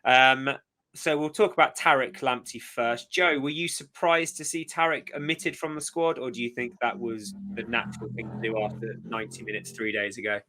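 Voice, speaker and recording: Bright-toned male host for a casual fan chat, upbeat and driving the questions. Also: medium pitch, steady tone, normal speed. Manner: upbeat, leads the talk with questions. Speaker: podcast host.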